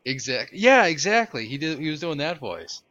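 A man's voice: fairly high pitch, very animated, normal speed, bright, forceful tone, dry recording. A man co-hosting a podcast, chatting casually with dry, sarcastic asides. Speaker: podcast co-host. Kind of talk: casual chat. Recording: dull lo-fi audio.

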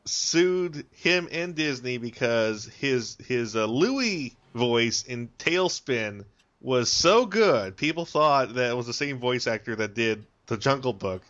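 A man's voice: medium pitch, expressive, fairly bright tone. A man co-hosting a podcast in casual chat, tossing off sarcastic jokes. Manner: joking, quick sarcastic quips. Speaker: podcast co-host. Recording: dull lo-fi sound.

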